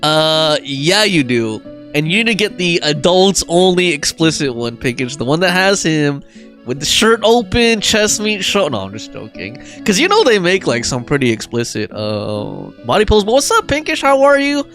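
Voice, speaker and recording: A man's voice: fairly high pitch, very animated, moderate pace, fairly bright tone, soft background music. A young man chatting casually on a game live stream, reading out chat messages and joking with viewers. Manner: chatty, reads chat aloud and jokes around.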